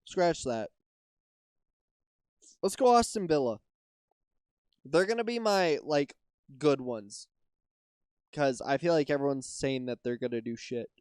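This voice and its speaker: Young American male podcaster, tired, loose and profane, smooth voice, dry close sound. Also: medium pitch, lively intonation, unhurried, pauses often, darkish tone, no echo. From United States. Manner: casual, swears often, trails off and restarts. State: tired, yawning. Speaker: podcast host. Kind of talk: casual solo podcast predictions.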